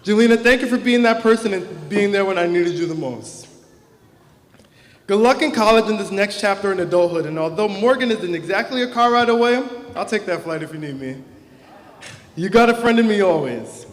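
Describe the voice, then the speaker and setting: This high-pitched, brisk young man is the class president, delivering a prepared graduation speech into a stage mic. His tone is earnest and heartfelt, at moments emotional, and the large auditorium gives the recording a long, echoing reverb.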